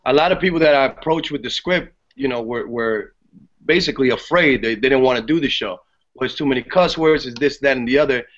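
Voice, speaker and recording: A man guesting on a podcast, talking about a play in casual, animated chat and swearing freely. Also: medium pitch, fairly quick. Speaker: theater guest. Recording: dull lo-fi podcast audio.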